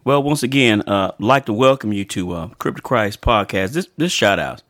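A man's voice: mid-range voice, expressive, fairly bright tone, slight background noise. A man hosting a podcast in a casual, rambling way, talking while chewing, just home from work and hungry. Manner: slow, rambling, talks while chewing and eating. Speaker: podcast host. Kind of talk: casual chat.

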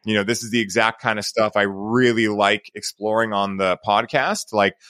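A man's voice: fairly low pitch, steady tone, normal speed, a bit bright, no echo. A man hosting a podcast, telling stories in a rambling, casual way and leaning on filler words. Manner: rambling, heavy use of "like" and "right?". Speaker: podcast host.

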